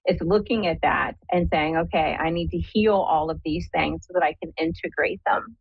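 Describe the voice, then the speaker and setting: Husky-voiced woman hosting a psychic show. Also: on the low side, dry recording. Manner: chatty, upbeat, talks to listeners directly. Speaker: medium and show host. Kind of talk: live call-in psychic show. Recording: dull dry lo-fi sound.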